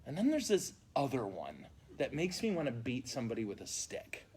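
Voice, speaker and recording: Live-streamed from inside a funeral home, a priest gives a casual catechesis talk full of funny stories and mock outrage. His medium-pitched voice is brisk and animated, with background noise audible.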